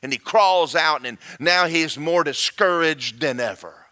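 A man preaching a sermon through a story, fast and animated, rising into shouted praise. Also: a little high.

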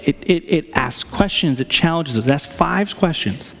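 A man's voice: fairly high pitch, lively intonation, moderate pace, creaky, hardly any pauses, fairly bright tone, big-room sound. A man preaching a sermon as pastor in a church sanctuary, conversational and acting out the voices he quotes.

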